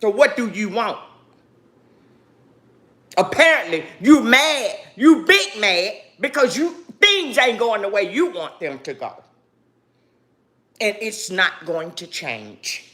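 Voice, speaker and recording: A woman's voice: medium pitch, sing-song, takes it slowly, long pauses, a bit bright. A woman speaking straight to her viewers, grieving and angry, defiant and preachy, and calling them "baby" again and again. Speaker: vlogger. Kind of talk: emotional direct-to-camera monologue.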